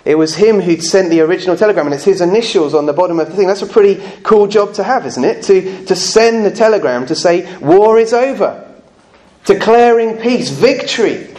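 A man preaching a sermon at a church service, earnest and conversational, with slow emphatic phrases and touches of humour. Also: high-pitched, a little mellow.

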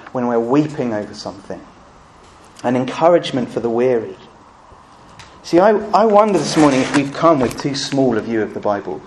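A man preaching a sermon, full of rhetorical questions and swinging between loud emphasis and hushed asides. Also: on the high side, slight background noise. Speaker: pastor.

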